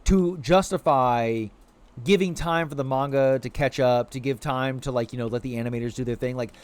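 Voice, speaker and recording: Live-streaming a video game, a man with a mid-range voice and clean tone rambles to his chat at a normal pace. He's animated, leans heavily on filler words like "like," and coos playfully at the creatures on screen.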